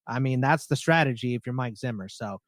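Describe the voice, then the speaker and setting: A man's voice: medium pitch, fairly quick, no room sound, studio quality. A man co-hosting a fantasy football podcast, talking casually and joking about picks. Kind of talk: casual sports talk.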